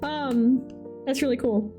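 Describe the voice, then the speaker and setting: A woman's voice: high voice, slow pace, over music. A woman hosting a live stream, chatting casually and reacting animatedly to viewers' artwork. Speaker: livestream host showcasing community art.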